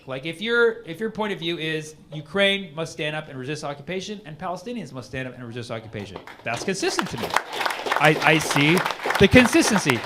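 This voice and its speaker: A male stand-up comedian works a club crowd in a loose, rambling, conversational way. His voice sits a little high and moves a lot. The live recording carries a clear hiss of noise. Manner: rambling conversational, lots of "like" and "man". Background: audience laughter.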